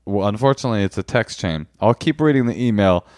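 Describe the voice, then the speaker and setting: Low-voiced man reading emails, crude and wry. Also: lively intonation, quick pace, darkish tone, dry recording, clean studio sound. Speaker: podcast co-host. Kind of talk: casual chat, reading listener emails.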